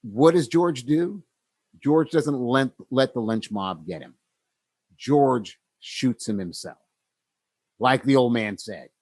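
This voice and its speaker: A man's voice: medium pitch, animated, slow pace, pauses often, a little mellow, dry recording. A man co-hosting a podcast, retelling story scenes in a casual way and acting out the characters' lines. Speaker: podcast co-host.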